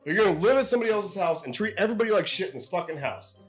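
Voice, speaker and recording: A man's voice: high voice, animated, very fast. Guy cohosting a movie chat, blunt and sweary, ranting, bit of music in the back. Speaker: podcast co-host. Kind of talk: casual film discussion.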